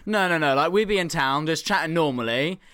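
A young man bantering on a podcast, teasing his friends, swearing and laughing through his stories. His voice sits a little high for a man and sounds dry and close to the mic. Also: expressive, brisk, bright, forceful tone, clear, resonant tone, no room sound. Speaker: podcast co-host. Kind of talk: casual banter and storytelling.

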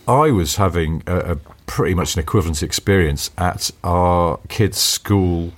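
A middle-aged man, co-hosting a podcast and telling stories in an animated, chuckling way. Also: unhurried. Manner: animated storyteller, chuckling, pitch jumping up when excited. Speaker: podcast co-host. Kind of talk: casual chat.

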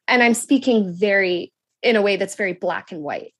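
A woman in her thirties talking in a casual podcast conversation, reflective and measured, explaining her view at length. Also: mid-range voice, slightly rough. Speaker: podcast guest, daughter and teacher.

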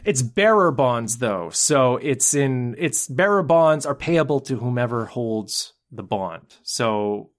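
A man's voice: mid-range voice, animated, slow pace, few pauses. A man co-hosting a casual movie podcast, retelling the plot at length and laughing often. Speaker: podcast co-host. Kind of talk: casual movie-recap chat.

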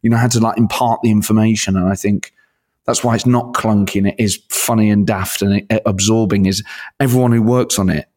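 Male comedian, low voice, animated and self-mocking interview chat. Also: brisk. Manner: excitable, self-deprecating, laughs often. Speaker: comedian and impressionist guest.

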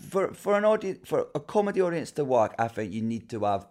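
A man's voice: mid-range voice, sing-song, a little fast, darkish tone. Candid man in his thirties chatting. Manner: candid, swears casually, rambling. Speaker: guest, comedian and author. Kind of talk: casual chat.

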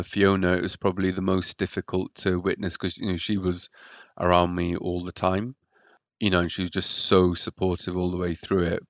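A man's voice: deep voice, no room sound, dull audio. A man telling his own story as a podcast guest, hesitant and often repeating words. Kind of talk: personal story in a podcast interview.

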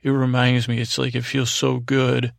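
Gravelly, rambling male podcast host. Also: medium pitch, completely flat delivery, moderate pace, dry recording, clean studio sound. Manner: rambling, self-correcting, jokey asides. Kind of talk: casual thank-yous to listeners. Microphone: close studio mic, alone.

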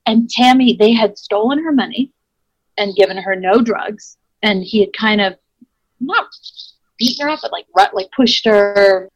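A woman's voice: mid-range voice, measured pace, no room sound, low-quality recording. A woman, an improv actor, telling a wild personal story in a chatty way, full of "like" and acted-out quotes. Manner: chatty, lots of "like", acts out quotes. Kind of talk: animated personal anecdote.

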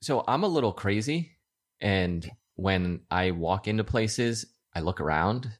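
A man with a low voice on a casual podcast, explaining his habits slowly and with pauses. He sounds calm and plain, a guest voice among the hosts. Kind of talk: casual chat.

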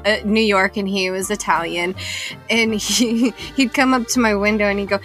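A woman's voice: medium pitch, fairly even intonation, normal speed, fairly bright tone, faint music behind. A woman hosting a casual podcast chat, who laughs often and swears freely. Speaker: podcast host.

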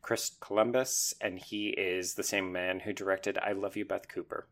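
Deep-voiced man, wry podcast chat. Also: steady tone, moderate pace, a bit bright. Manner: wry, opinionated, dry teasing. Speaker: podcast co-host. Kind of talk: casual chat.

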